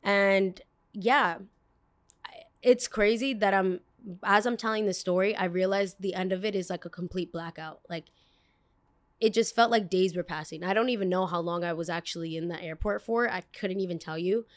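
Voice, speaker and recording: A woman hosting a podcast, telling a story in a rambling, expressive way and swearing casually. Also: lowish voice, brisk. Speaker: podcast host.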